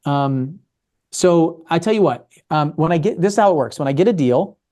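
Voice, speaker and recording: A man's voice: fairly high pitch, animated, normal speed, mellow. A man from Maryland giving a casual real estate talk, acting out both sides of conversations with investors. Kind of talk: casual talk with acted dialogue.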